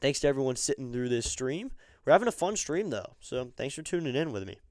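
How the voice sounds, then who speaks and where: A man giving excitable live fan play-by-play of a baseball game on his stream, chatting with viewers between pitches. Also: a little fast, no echo. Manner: chatty, excitable on big plays.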